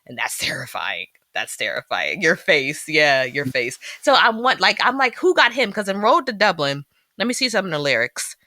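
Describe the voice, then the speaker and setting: A woman's voice: deep voice, normal speed, no room sound, clean studio sound. A woman from Philadelphia co-hosting a podcast, chatting casually and expressively about a film she reviews. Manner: animated, expressive, teasing. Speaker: podcast co-host.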